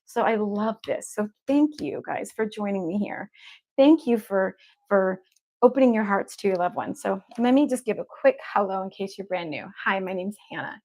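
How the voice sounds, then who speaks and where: A woman hosts a livestream as an evidential medium, chatting casually to her viewers. She is upbeat and effusive and keeps telling them she loves them. Her voice sits in an everyday middle pitch. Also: moderate pace, a little mellow. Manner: effusive and upbeat, repeats affection to the audience.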